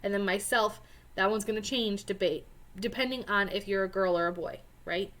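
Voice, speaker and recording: A woman's voice: medium pitch, normal speed, fairly bright tone. A young woman teacher, patiently talking students through a screen-recorded language worksheet and spelling words out. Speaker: Spanish teacher. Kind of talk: screen-recorded lesson walkthrough.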